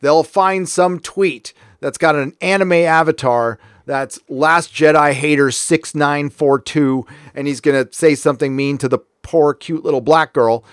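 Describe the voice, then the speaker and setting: A man from California rants as host of his own show, sarcastic and heated. His voice sits a little high for a man. The sound is dry and close, with no room echo. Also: steady tone, unhurried, hardly any pauses, smooth. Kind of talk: casual commentary rant.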